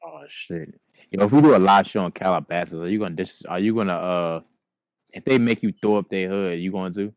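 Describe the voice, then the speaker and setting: A man's voice: deep voice, a little fast, a little mellow, dry recording, dull audio. A young man co-hosting a casual podcast chat, profane and joking, often breaking into laughter. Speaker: podcast co-host.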